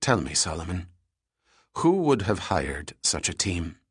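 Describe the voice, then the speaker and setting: A man's voice: deep voice, very animated, unhurried, slightly rough, no echo, studio quality, heavily acted. A man reading an audiobook, voicing a female antiquities agent who asks direct, pressing questions. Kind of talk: audiobook character voice.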